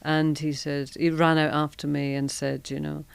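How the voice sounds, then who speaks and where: A woman's voice: low-pitched, flat delivery, normal speed, creaky, clean tone, dry recording. Middle-aged Scottish woman, podcast guest, frank and chatty storyteller, dry close sound. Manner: frank, self-deprecating, chatty anecdotes. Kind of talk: candid conversational storytelling.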